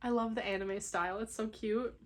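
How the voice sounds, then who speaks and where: A young woman vlogging as she unboxes books, gushing and excitable, at times dropping to a hushed whisper. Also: mid-range voice, fairly quick. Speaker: book vlogger. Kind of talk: casual unboxing vlog.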